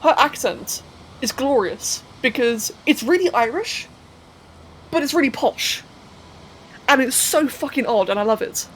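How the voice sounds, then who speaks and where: A woman's voice: high-pitched, animated, measured pace, pauses often, fairly bright tone, slight background noise, poor audio. A young woman live-streaming a game, thinking aloud as she builds, counting under her breath and chatting to viewers with casual swearing. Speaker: livestreamer.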